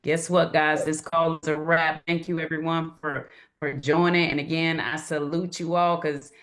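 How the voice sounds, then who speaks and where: A woman hosting a video call, talking in a relaxed, folksy way and saying "y'all". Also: sits low, normal speed. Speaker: call host. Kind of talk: casual video-call chat.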